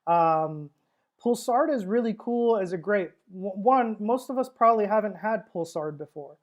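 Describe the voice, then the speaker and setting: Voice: mid-range voice, animated, normal speed. A wine seller hosting a casual livestream tasting, talking in a chatty, rambling way with frequent fillers and laughs.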